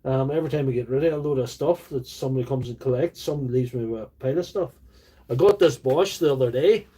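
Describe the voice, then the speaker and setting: Man, Northern Irish accent, husky, middle pitch, rambling self-deprecating live-stream chat, phone mic in a home workshop. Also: quick pace, warm tone. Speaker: livestream host, tool repairer. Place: makeshift home workshop studio. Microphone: phone on small tripod.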